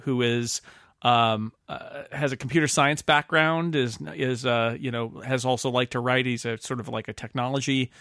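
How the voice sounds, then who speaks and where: A man's voice: medium pitch, fairly even intonation, a bit bright, no echo, studio quality. A man hosting a casual book club podcast, talking in a rambling way with many restarts. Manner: rambling, halting, laughs often. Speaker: podcast host.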